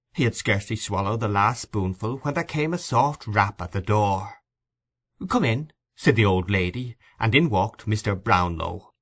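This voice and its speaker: Narrator: man, lower voice, measured, steady storybook reading. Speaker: audiobook reader.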